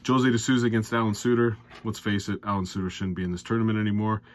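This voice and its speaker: A man's voice: level tone, quick pace. A man with an exasperated, ranting manner, giving darts predictions and betting picks as a host. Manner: ranting, exasperated, loud and high when worked up. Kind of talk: sports betting commentary.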